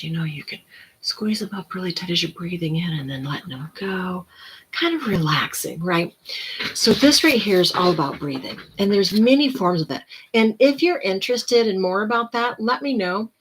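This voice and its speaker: A tired woman giving casual self-help talk, rambling and relaxed, now and then dropping to soft whispered breathing cues. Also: lowish voice, normal speed, a little hiss or hum, poor audio.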